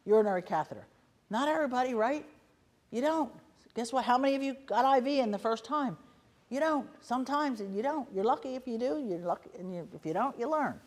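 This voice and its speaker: A woman in her sixties giving a guest lecture to nursing students, chatty and full of anecdotes, often quoting people in quick asides. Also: fairly high pitch, expressive, a little mellow. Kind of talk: lively storytelling lecture to students.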